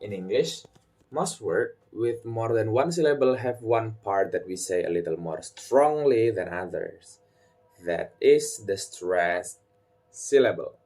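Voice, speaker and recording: Slow, deliberate young male tutor. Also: animated, soft background music. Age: young adult. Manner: slow and deliberate, stresses example words loudly and high. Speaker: English pronunciation tutor. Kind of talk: scripted lesson.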